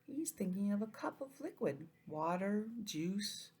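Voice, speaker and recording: A woman teaching an online lesson to young children, gentle and expressive, acting out feelings in a sing-song way. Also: medium pitch, a little slow, breathy edge. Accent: New England.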